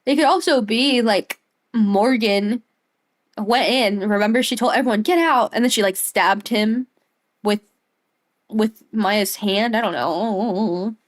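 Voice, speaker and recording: A woman's voice: mid-range voice, slow. A woman streaming a game, chatting casually, giggling often and talking to her dog.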